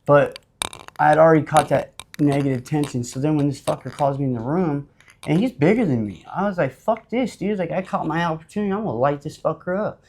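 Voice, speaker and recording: A man from Utah sits in as a podcast guest and tells his own story in a loose, casual way. He is blunt and swears freely, piling up fillers as he goes, and his voice sits a little higher than is usual for a man. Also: quick pace. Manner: blunt, profane, animated with frequent fillers.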